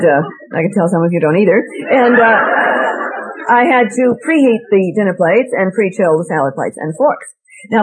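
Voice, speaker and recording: A woman's voice: mid-range voice, background noise. A woman from Massachusetts with a Boston accent, telling a wry, self-mocking personal story to a live audience and asking them direct questions. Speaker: speaker addressing an audience.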